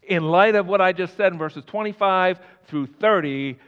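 Man, pastor preaching a sermon, smooth resonant voice, long church reverb. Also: sits high, moderate pace, few pauses. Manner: impassioned preaching, swings between loud and soft. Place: church sanctuary. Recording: dull sound, long hall reverb.

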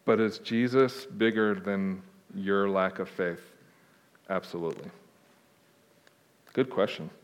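A man's voice: sits low, fairly even intonation, takes it slowly, long pauses, clean tone. A man preaching a conversational sermon as a pastor, answering questions in an informal, plain-spoken way with joking asides. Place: church sanctuary. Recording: long reverb of a large hall.

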